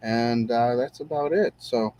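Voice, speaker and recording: A man's voice: medium pitch, unhurried, warm tone, no echo. A man hosting a casual show-review podcast, talking in an easygoing, rambling way with many fillers. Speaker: podcast host.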